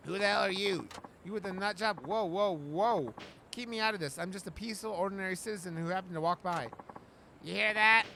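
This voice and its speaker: A man's voice: high voice, brisk, gravelly, pushed and bright, a little hiss or hum. A man hosting a let's play, reading the game's dialogue aloud in a casual way and swearing freely. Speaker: gaming video host.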